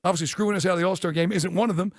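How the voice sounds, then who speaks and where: Fast-talking high-voiced male radio host. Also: steady tone, no echo, studio quality. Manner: rapid, joking storyteller who laughs at his own punchlines. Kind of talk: sports talk radio banter. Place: radio studio.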